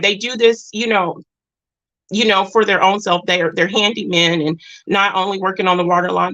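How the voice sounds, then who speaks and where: A woman's voice: mid-range voice, a bit bright, muffled recording. A woman telling a personal story in a casual vlog, earnest and rambling, with restarts and moments near tears. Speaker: vlogger.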